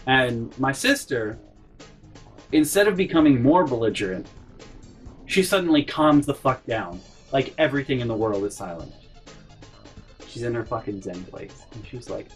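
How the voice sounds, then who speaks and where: A man's voice: medium pitch, moderate pace, faint music behind. Exasperated young man telling a story. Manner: exasperated, profane, animated. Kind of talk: casual storytime vlog.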